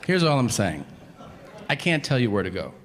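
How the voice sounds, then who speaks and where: A man performing a stand-up comedy routine, telling stories in an animated way and acting out voices. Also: medium pitch, moderate pace. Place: theater stage before a live audience. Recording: echoey venue with audience noise. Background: audience laughter.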